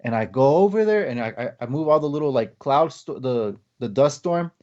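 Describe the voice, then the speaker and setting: Dark-toned and expressive, this man's mid-range voice moves fairly quickly as he hosts a podcast. He's a rambling, filler-heavy storyteller who performs the quotes himself, and the recording is slightly muffled, dull lo-fi audio.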